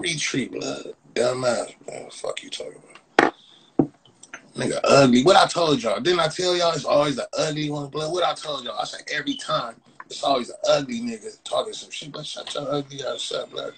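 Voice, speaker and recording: A man's voice: medium pitch, moderate pace, background noise. Brash mocking man roasting viewers. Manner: loud, mocking, repeats "blood" constantly. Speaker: livestream host. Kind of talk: profane Instagram live roast.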